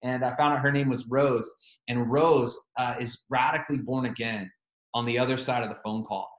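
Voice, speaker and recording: A man's voice: medium pitch, fairly even intonation, moderate pace, reverberant. A man preaching a sermon, telling a story with animation and quoting both sides of a phone call.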